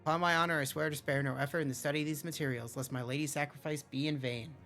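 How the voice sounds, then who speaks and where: A solemn, archaic-speaking male scholar from a game, formal and earnest, as a streamer reads him out. The voice stays close to an everyday middle pitch and trips now and then on the longer words. Soft music hums behind. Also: steady tone, quick pace, close to an everyday voice. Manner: formal, stumbling over words.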